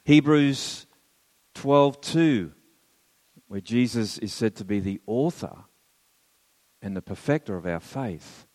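A man's voice: mid-range voice, animated, takes it slowly, pauses often, a little mellow, long reverb tail. A man teaching theology as a sermon, earnest and emphatic, with wry asides to his listeners. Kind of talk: sermon lecture.

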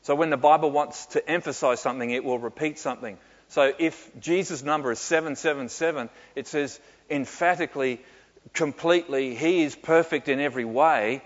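A man answering questions in a sermon, reflective and often pausing with fillers and soft laughs. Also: a little high. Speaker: pastor. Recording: muffled with long hall reverb.

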